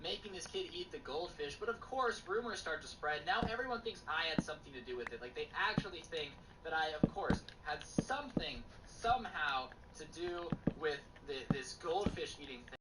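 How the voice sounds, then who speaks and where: A man on a gaming livestream telling a story in a casual, animated and sarcastic way, acting out the other people in it. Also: a little high, normal speed, few pauses, distant mic, very noisy. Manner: animated, sarcastic, acts out every character in the story. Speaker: livestream host.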